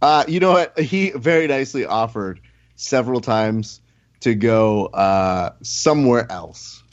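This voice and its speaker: A man's voice: mid-range voice, measured pace, dull audio. A man hosting a podcast in casual chat, telling stories and acting out the quotes. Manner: animated storyteller, acts out quotes. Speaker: podcast host.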